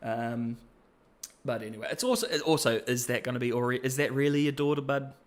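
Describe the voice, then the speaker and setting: A man's voice: medium pitch, a little fast. A man hosting a podcast and reviewing characters in a chatty, jokey way. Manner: chatty and jokey, with playful asides. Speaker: podcast host. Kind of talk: casual podcast-style review.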